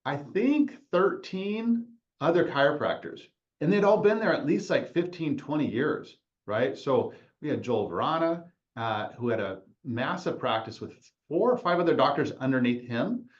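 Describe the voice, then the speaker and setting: A man's voice: medium pitch, dull audio. A man in his forties, a podcast host, telling his own career story in a rambling casual way, often restarting and laughing at himself.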